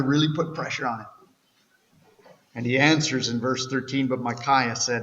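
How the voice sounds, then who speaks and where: A man's voice: medium pitch, fairly even intonation, normal speed, a bit bright. A male pastor preaching a sermon in a church, earnest and conversational, with frequent restarts. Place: church sanctuary. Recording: echoey church hall, slightly dull.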